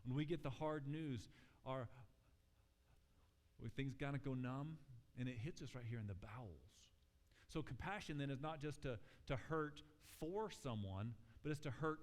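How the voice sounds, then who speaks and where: A pastor delivers a sermon in a church sanctuary, speaking conversationally and with animation, acting out quotes as he tells stories. His voice is mid-range and his speed normal. The recording carries the long reverb of a church hall.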